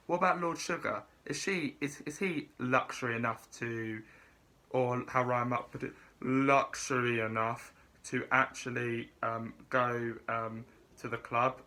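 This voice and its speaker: Bright-voiced man, halting review. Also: mid-range voice, fairly even intonation. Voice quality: halting, many fillers and restarts. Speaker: reality show reviewer. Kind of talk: casual spoken review.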